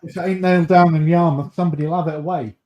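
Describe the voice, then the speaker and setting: A man's voice: on the high side, steady tone, racing, highs cut off. Norfolk man hosting in a roomy space. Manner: easygoing, swears casually. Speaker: host of a live modelling stream. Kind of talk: casual chat.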